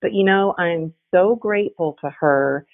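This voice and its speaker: A middle-aged woman, a guest coach, telling her story in a lively conversational way, laughing often and restarting her sentences. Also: on the low side, a little slow. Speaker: podcast guest, resilience coach. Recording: tinny phone line.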